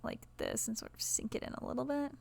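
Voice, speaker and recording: A woman's voice: high-pitched, wildly swooping pitch, fast talker, creaky. A woman streaming a building game from her apartment, rambling casually through a desktop microphone and dropping to murmurs as she works. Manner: chatty, rambling, many "like" and "kinda" fillers, drops to murmurs while working. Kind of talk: casual live-stream commentary while building. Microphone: desktop USB microphone.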